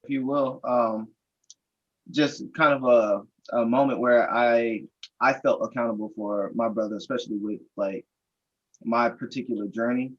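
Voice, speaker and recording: Panelist, male, husky voice, slightly muffled lo-fi audio, earnest storyteller. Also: medium pitch, fairly even intonation, a little slow. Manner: reflective storyteller, quotes dialogue.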